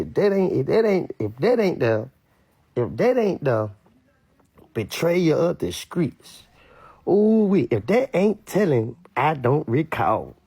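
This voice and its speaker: Louisiana man, blunt emphatic commentator, husky and gravelly, dry close sound. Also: fairly high pitch, mellow, no echo. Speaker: online commentator. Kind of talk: casual commentary rant.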